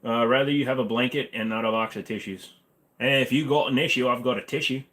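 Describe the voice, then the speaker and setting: A man's voice: mid-range voice, fast talker, fairly bright tone. Rambling, joking man in his forties. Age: 40s. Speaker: livestream host. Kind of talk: casual livestream Q&A. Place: apartment bedroom-living room.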